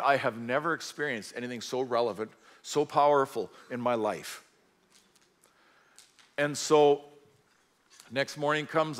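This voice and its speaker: A man's voice: a little high, a bit bright, slight background noise. A middle-aged man giving a personal testimony sermon in a church, telling his story earnestly with folksy asides. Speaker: guest speaker.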